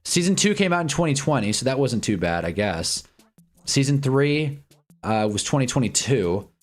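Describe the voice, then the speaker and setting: A man's voice: mid-range voice, very animated. A young man hosting a sports watch-along livestream, chatting casually and candidly, rambling and swearing, repeating himself, with faint music behind him. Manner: puts on quick voices for quoted people. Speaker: livestream host.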